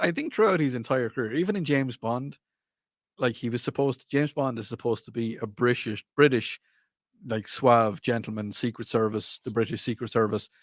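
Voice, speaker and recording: A man hosts a radio talk show in a casual, meandering way, circling back and fixing his words as he goes. His voice sits at an ordinary middle pitch. The studio sound is dry and close. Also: no echo. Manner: rambling, self-correcting, laughs often. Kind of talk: casual chat.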